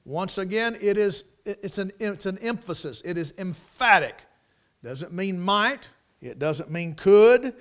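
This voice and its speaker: A man's voice: high voice, lively intonation, unhurried. Emphatic preacher man. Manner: emphatic, repeats key words for stress. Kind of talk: sermon.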